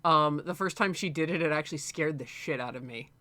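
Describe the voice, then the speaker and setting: A man's voice: fairly high pitch, fairly quick, noisy background. A man co-hosting a stream, chatting casually, rambling with frequent laughter and swearing. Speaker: streamer co-host. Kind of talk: casual chat.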